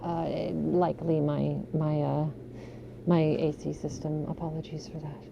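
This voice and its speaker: Low, gravelly-voiced woman streamer. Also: little pitch movement, measured pace, muffled recording, noisy background. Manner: soft-spoken, apologetic and giggly. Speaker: ASMR streamer. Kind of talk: casual live-stream chat. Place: home room with an air conditioner running. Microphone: studio microphone.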